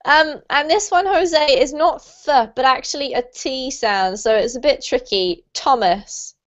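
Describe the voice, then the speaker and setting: A woman with a British accent teaching English pronunciation in an online group lesson, clear, patient and encouraging. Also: sits high, moderate pace. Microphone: video call. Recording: lo-fi online call audio.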